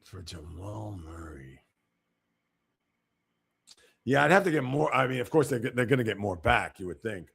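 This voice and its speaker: A man's voice: medium pitch, animated, fast talker, gravelly, few pauses, fairly bright tone, husky. A man hosting a casual sports livestream, giving blunt opinions and reacting to viewer comments. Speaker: sports show host.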